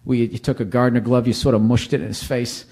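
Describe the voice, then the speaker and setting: A man's voice: medium pitch, fairly even intonation, fast talker, dark tone. A man in his forties, a comedian telling rambling, profane, self-mocking stories in casual conversation. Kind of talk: conversational storytelling.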